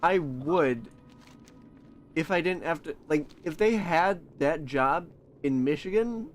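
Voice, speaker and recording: Lively young man in easygoing chat. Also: fairly high pitch, slow pace, faint music behind. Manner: easygoing, trailing off mid-sentence. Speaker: gaming streamer. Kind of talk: casual chat.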